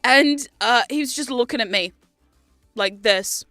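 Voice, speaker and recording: A woman's voice: fairly high pitch, unhurried, sharp tone, no room sound, faint music behind. A young adult woman streaming, chatting casually in a rambling way, laughing often and swearing freely.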